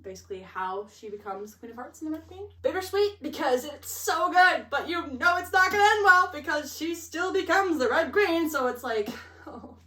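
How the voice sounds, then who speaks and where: This is a young woman in casual, gushing chat, her voice slightly high. She sits back from the mic in a roomy, echoey space, laughing and saying like often. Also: animated, moderate pace, pushed and bright, distant mic, slight background noise. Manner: chatty, gushing, with many likes and laughs. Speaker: book vlogger.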